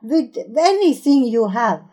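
Enthusiastic woman with a mellow voice. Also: a little high, sing-song, unhurried. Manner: enthusiastic, searching for words, non-native grammar. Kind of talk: casual chat about films.

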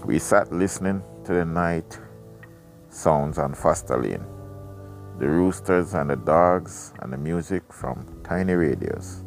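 A man reads a book aloud for his podcast, often drifting into chatty side remarks. His voice sits very low and has a gravelly rasp. Faint music plays softly behind him. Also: a little slow. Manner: rambling, chatty asides. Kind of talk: casual reading with side commentary.

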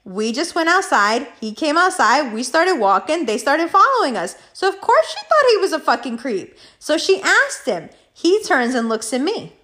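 Profane, animated woman telling a story. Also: sits high, moderate pace, few pauses. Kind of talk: storytime vlog.

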